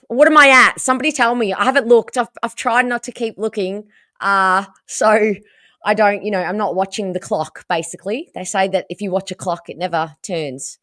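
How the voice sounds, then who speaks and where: An Australian woman hosting a casual livestream, hoarse from losing her voice and chatting with viewers about the game. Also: fairly high pitch, dry recording, clean studio sound. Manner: chatty and animated, reading out viewer comments. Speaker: livestream host.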